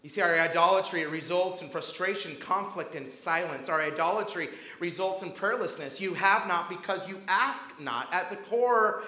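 A man's voice: high voice, normal speed, few pauses, pushed and bright, roomy sound, poor audio. A man preaching a sermon to a congregation, talking casually and telling stories from camp. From grew up Baptist. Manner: conversational preaching with anecdotes. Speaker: pastor.

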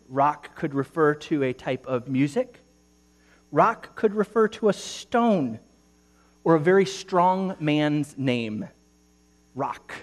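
A male pastor preaching a sermon, reading scripture aloud with emphasis and speaking in an animated way. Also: a little high.

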